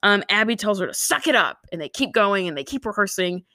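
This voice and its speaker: A young woman co-hosting a podcast, chatting casually and telling a story with lively impressions of the people in it. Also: fairly quick, no room sound. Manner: animated storyteller, mimics people in shrill voices. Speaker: podcast co-host. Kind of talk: casual chat recapping a reality show.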